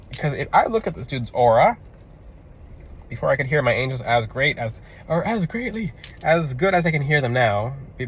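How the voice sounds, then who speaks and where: A man with a Florida accent talks in a loose, rambling way at an ordinary middle pitch. He repeats lines and acts out the people in his story. A faint hum of noise sits behind his voice. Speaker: crystal seller and spiritual adviser. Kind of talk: casual storytelling monologue.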